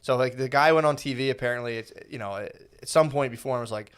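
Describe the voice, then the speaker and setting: A man's voice: mid-range voice, quick pace, smooth. A man co-hosting a podcast in casual chat, rambling with lots of fillers, swearing and quoting people in mock voices. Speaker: podcast co-host.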